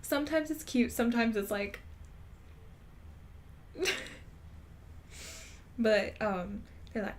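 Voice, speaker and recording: A woman's voice: fairly high pitch, takes it slowly, long pauses, a little hiss or hum. A woman streamer chatting casually while gaming, rambling and laughing often. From Texas.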